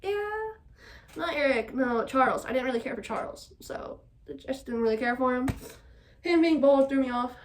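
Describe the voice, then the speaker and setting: A young woman vlogging casually at home while doing her hair, talking in an animated, exasperated way, swearing often and laughing. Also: high-pitched, normal speed, far from the mic. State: still a bit sick.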